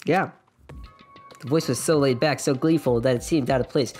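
A woman's voice: extremely low pitch, normal speed, darkish tone, soft background music. A young woman giving jokey, giggly commentary on a video game and reading its dialogue aloud. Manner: jokey, giggly, self-interrupting. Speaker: let's play streamer.

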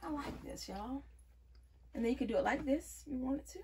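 A woman's voice: sits high, animated, brisk, darkish tone, slight background noise. A woman vlogging a wig review in a casual, playful way, often calling viewers y'all. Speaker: beauty vlogger.

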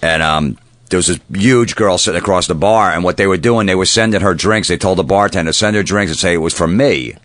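A male comedian reels off a wry anecdote at a rapid clip. His voice sits fairly low and sounds dry and close to the mic. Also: fairly bright tone, no echo. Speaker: comedian guest. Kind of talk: comedic storytelling. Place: radio studio.

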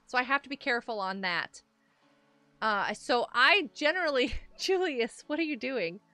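A woman streams a game, talking in a rambling, chatty way into her microphone. Her high voice leaps all over the place and sounds bright and sharp. She laughs often and breaks into sudden squeals. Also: lively intonation, moderate pace, no room sound, faint music behind. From United States. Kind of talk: casual live-stream chat while gaming.

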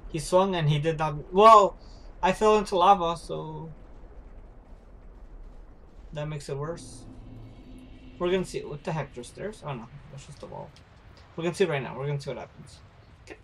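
A young man livestreaming a game, talking loosely with his audience while he plays. His voice sits slightly high, and he bursts into shouts and laughter at the game. A faint hiss runs under his desk-mic sound. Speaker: streamer. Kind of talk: casual gaming livestream chat.

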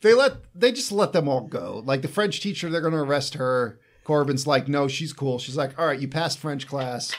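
A man's voice: a little high, normal speed, few pauses. A man co-hosting a movie podcast, recapping scenes in casual chat and acting out the characters' lines. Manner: animated storyteller, recaps scenes with quoted lines. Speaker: podcast co-host.

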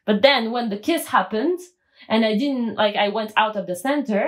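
A woman guest telling her story in a podcast interview, animated and acting out quoted dialogue, with frequent restarts. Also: on the high side, normal speed.

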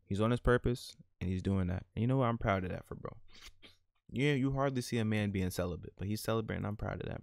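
Brief: male gaming host with a low voice, dry close mic, casual slangy commentary. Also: no echo. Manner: animated, slangy, laughs at his own jokes. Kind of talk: casual let's-play commentary.

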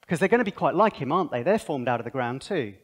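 Animated man teaching a Bible seminar. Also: fairly high pitch, fast. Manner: animated, thinks aloud with asides. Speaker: seminar speaker.

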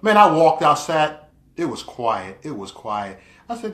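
A man vlogging in an animated storytelling monologue, swinging from low asides to loud cries. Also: normal speed. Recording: roomy echo.

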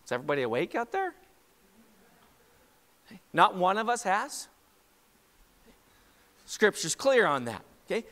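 A man preaches to his congregation in a loose, conversational way, often turning to ask them questions directly. His voice sits a little high for a man. The sound rings out with a long reverb from the church hall around him. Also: expressive, normal speed, pauses often, a bit bright. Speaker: pastor. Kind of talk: sermon. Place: church sanctuary.

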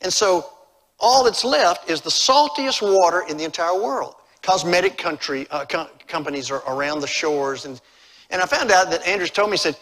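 A middle-aged man preaching a revival sermon in a church, swinging from loud exclamations to hushed appeals. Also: high-pitched, lively intonation, normal speed. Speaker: evangelist preacher. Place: church sanctuary.

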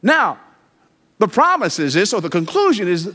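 A man preaching a sermon in a church, slowing down to stress key words, adding wry asides, and building to emphatic declarations. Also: big pitch swings. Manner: builds from quiet, slow reflection to high, emphatic declarations. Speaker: guest preacher. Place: church sanctuary.

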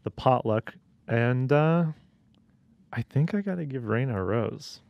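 A man's voice: mid-range voice, lively intonation, unhurried, gravelly, darkish tone, no echo, muffled recording. A man co-hosting a comedy podcast, speaking sheepishly and hesitantly and often laughing. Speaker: podcast co-host.

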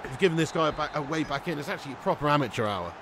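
A man doing live commentary on his game stream, excitable, yelling at plays and chatting with viewers. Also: fairly high pitch, very fast, noisy background.

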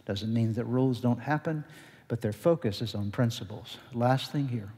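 A male pastor with a mellow, mid-range voice and moderate pace preaches in a church sanctuary. He poses questions to the congregation and answers them himself, all under a long hall reverb.

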